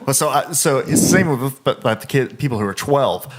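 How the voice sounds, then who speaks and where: A podcast host in casual chat, telling stories in a lively way and acting out what other people said. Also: medium pitch, fairly quick, very noisy. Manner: lively storyteller, acts out quoted kids.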